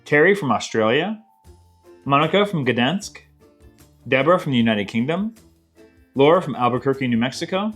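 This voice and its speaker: A man's voice: mid-range voice, big pitch swings, fairly quick, pauses often, a bit bright, soft background music. Chatty man hosting a cooking channel. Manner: friendly, chatty, talks straight to viewers. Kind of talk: casual cooking tutorial.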